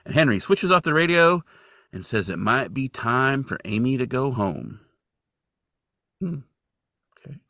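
A man co-hosting a podcast, recapping a TV episode in casual chat, animated and jokey, jumping into high exaggerated quotes. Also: measured pace, pauses often, no room sound, clean studio sound. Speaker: podcast co-host.

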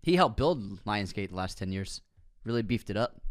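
A man's voice: lowish voice, animated, normal speed. A man co-hosting a casual film-news podcast chat, joking and laughing often. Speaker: podcast co-host.

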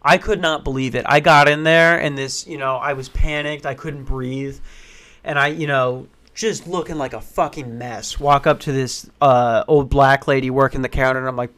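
A man telling a funny personal story in casual, profane, animated style. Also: medium pitch. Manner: profane, animated, acts out voices, rushes when excited.

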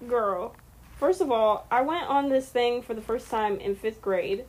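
A woman in her twenties co-hosting a podcast, talking softly and hesitantly with trailing fillers. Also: a little high, unhurried. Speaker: podcast co-host. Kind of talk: casual chat.

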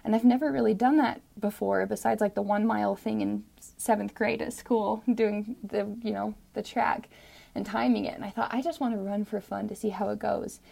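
A woman with a deeply gravelly, husky voice, dark in tone, telling her own story and then reading a spoken-word poem. She speaks earnestly and sinks into soft whispers on many lines. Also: fairly even intonation, normal speed.

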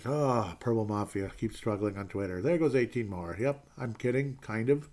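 A man's voice: fairly low pitch, normal speed, darkish tone. A man hosting a casual sports talk stream, reading viewer comments and rambling through self-mocking asides. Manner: rambling, self-deprecating, drops to mumbling asides.

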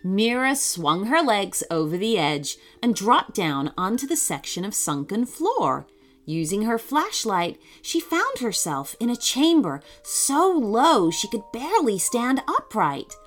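A woman reading a children's story aloud in a slow, expressive way. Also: fairly high pitch.

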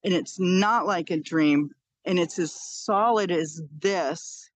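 A woman's voice: fairly low pitch, takes it slowly, dry recording. A woman in her fifties, a podcast guest, earnestly telling a personal story and repeating phrases for emphasis.

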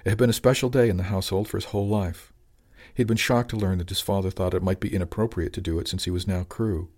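A man narrating an audiobook chapter in a calm, even storytelling manner. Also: low voice, fast talker.

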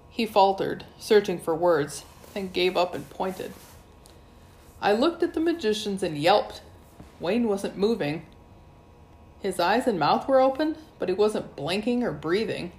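A woman reading a first-person adventure story aloud with lively storytelling. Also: mid-range voice, unhurried. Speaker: audiobook narrator. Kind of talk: first-person audiobook narration.

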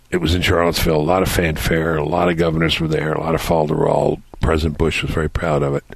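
Gravelly older man telling lively stories. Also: rumbling low, no echo. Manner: animated anecdotal storyteller with laughs. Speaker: podcast host. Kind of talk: casual storytelling.

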